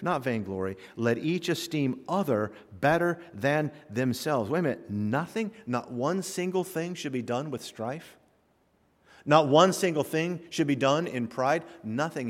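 A man preaching a sermon in a church, reading scripture aloud and commenting line by line, with sudden loud rises and quiet drops. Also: medium pitch. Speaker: pastor. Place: church sanctuary. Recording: long hall reverb.

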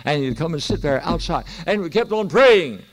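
Gravelly older preacher. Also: male voice, a little high, animated, moderate pace. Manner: storytelling preacher, exhorting and emphatic. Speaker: pastor. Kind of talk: sermon.

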